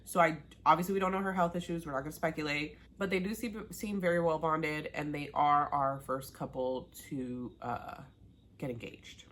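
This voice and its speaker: A woman's voice: low voice, moderate pace, fairly bright tone, slight background noise. A woman recapping a TV show in a casual, chatty way, laughing often and talking straight to her viewers. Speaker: TV recap vlogger.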